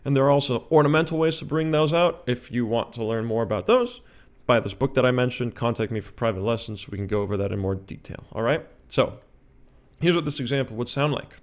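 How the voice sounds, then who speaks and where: Male chant teacher, patient explainer, medium pitch, casual video-lesson delivery. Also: quick pace. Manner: explaining patiently, often checking with "all right?".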